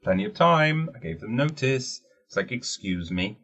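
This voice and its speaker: A man's voice: medium pitch, animated, moderate pace, a bit bright. A man hosting a casual solo podcast, rambling and jokey and swearing freely. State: wearing teeth-straightening trays. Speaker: podcast host.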